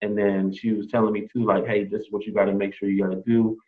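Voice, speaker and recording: A man who was just hired as a teacher, telling a lively story in a casual interview and acting out what other people said. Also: fairly low pitch, fast talker. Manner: animated, quotes others in lively re-enactments. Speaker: new teacher hire. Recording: dull lo-fi sound.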